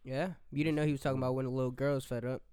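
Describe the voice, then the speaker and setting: A man's voice: medium pitch, flat delivery, mellow. A young man hosting a studio podcast, joking and teasing his friends in casual chat. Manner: joking, quick to tease. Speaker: podcast host.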